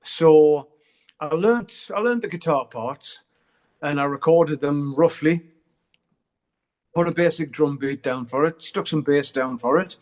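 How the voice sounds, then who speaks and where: A man's voice: on the high side, measured pace, pauses often, a little mellow. A middle-aged man, chatting candidly as an interview guest and swearing freely as he rambles. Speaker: guest musician. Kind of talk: casual interview chat.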